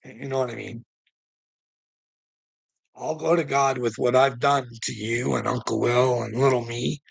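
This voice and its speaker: A man's voice: medium pitch, fairly even intonation, normal speed, creaky, breathy edge, dry recording, low-quality recording. A man livestreaming, talking straight to his chat in a rambling, profane, preachy monologue, chuckling now and then.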